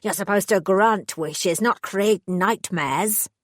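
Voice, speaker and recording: A woman's voice: medium pitch, slow pace, dry recording, studio quality, lightly acted. A woman voicing a terrified male prisoner who screams, pleads and snarls, his voice shaking. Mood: panicked.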